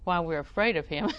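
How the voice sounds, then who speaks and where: A middle-aged woman preaching a sermon in a folksy, humorous way, often chuckling and breaking into loud acted exclamations. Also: on the low side, no room sound, highs cut off.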